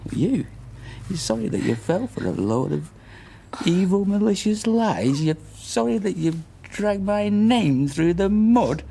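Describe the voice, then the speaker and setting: A man's voice: high-pitched, sing-song, slow, vocal fry, mellow, slightly rough, heavily acted. A sneering, heartbroken young man. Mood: bitter. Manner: sarcastic, mocking. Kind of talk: TV soap drama acting.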